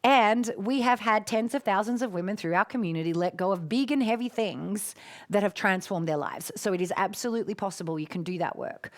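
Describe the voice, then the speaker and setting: A middle-aged Australian woman hosting a live-streamed coaching talk, expressive and affectionate with her listeners. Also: mid-range voice, fairly quick. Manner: warm, expressive, calls listeners "my darling".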